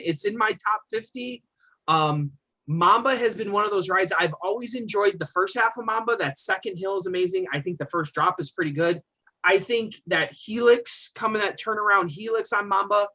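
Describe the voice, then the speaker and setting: An enthusiastic man co-hosts a casual podcast, and his voice has a bright, forward edge. He talks in an opinionated, easygoing way, with frequent fillers and loose restarts. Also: sits high. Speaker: podcast co-host. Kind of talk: casual chat about roller coasters.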